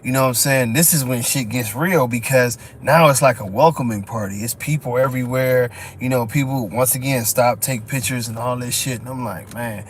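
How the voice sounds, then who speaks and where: A man, telling a story in casual live-stream chat, profane and quick to laugh. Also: medium pitch, a little hiss or hum. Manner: loose, profane, laughs often, lots of "you know what I'm saying". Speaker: dog show judge and breeder telling stories.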